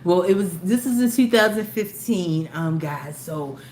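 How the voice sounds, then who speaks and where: A woman's voice: on the low side, animated, unhurried, darkish tone. A woman, hosting a live video stream and telling a long story to her viewers in a chatty, rambling way with many restarts. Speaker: YouTube live host. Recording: roomy with faint background noise.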